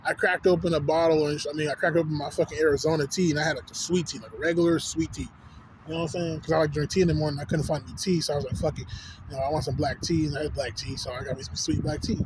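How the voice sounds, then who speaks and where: Fast-talking, high-voiced man ranting. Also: background noise. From Texas. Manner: profane, animated storytelling with slang fillers. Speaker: vlogger. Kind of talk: casual rant to camera.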